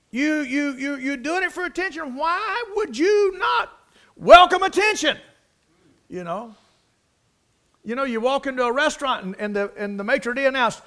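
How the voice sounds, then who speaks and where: A man preaching a sermon, folksy and repetitive, rising to emphatic bursts. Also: extremely high pitch. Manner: rises to emphatic, loud bursts.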